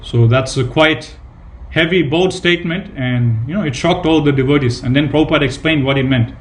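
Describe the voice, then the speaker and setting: A man's voice: on the high side, fairly quick. A man giving a devotional scripture class, retelling anecdotes with emphatic repetition and casual fillers. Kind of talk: devotional sermon with retold anecdotes.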